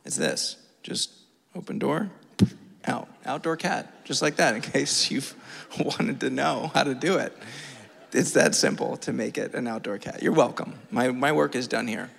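A man preaching a sermon from a church, telling a funny personal story with lively, self-mocking energy. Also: mid-range voice, measured pace, vocal fry. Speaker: pastor. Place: church sanctuary. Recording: long reverb of a church hall.

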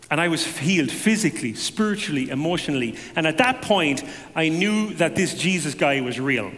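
Guy sharing his testimony, lively and joking at his own expense, big echoey hall. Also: a little high, brisk. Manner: animated storytelling with self-deprecating humor. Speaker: speaker giving a personal testimony. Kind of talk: conversational testimony to a congregation.

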